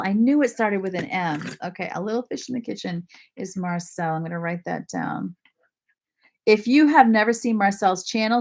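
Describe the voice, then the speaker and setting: Woman, from Maine, casual livestream host, chatty, apologetic, laughing, average pitch. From Maine, USA. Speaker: lifestyle channel host. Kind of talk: casual livestream chat reading viewer comments.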